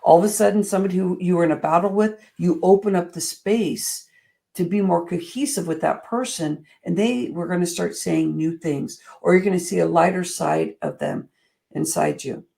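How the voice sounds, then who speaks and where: A woman giving an earnest, expressive motivational talk as a coach, moving between soft, slow passages and lively emphatic ones. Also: lowish voice, creaky. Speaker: speaker and coach.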